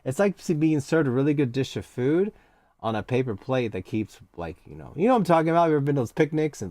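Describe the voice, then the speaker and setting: A man's voice: fairly high pitch, expressive, fast, a little mellow, no room sound. Encouraging American man coaching cello. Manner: encouraging, hands-on coaching with counted cues. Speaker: cello teacher. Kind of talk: live online instrument lesson.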